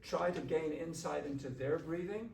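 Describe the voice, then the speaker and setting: A man leading a shakuhachi workshop, coaching students on their breathing in a relaxed, encouraging way. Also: on the high side, normal speed, gravelly. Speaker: shakuhachi teacher. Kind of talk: workshop instruction. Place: classroom. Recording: roomy, distant mic, faint room noise.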